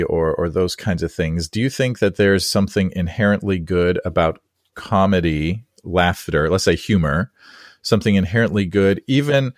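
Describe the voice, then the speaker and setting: A man's voice: deep voice, moderate pace, no room sound, clean studio sound. A man hosting a podcast conversation, a pastor who tells rambling stories and laughs easily. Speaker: podcast host and Presbyterian pastor. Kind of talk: conversational interview. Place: San Diego area.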